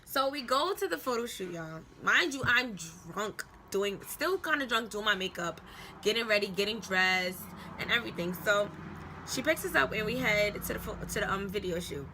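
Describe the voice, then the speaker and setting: Young new woman doing a storytime vlog, bright voice, slangy and animated, cusses a lot, faint hum behind. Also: mid-range voice, moderate pace. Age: young adult. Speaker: vlogger telling a story.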